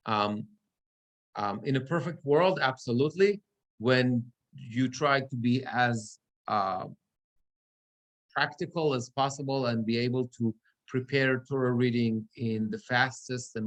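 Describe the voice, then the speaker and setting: A male cantor leads a Torah reading class in a synagogue, explaining things patiently. His delivery is unhurried. When he chants the verses, his clear bright voice stretches each word out. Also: mid-range voice. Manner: explains slowly, then chants verses in drawn-out cantillation. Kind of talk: class instruction with chanted examples.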